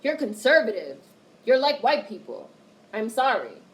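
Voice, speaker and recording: Blunt, animated woman streamer, slightly high voice. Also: measured pace, low-quality recording. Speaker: livestreamer reading chat. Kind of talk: casual livestream commentary.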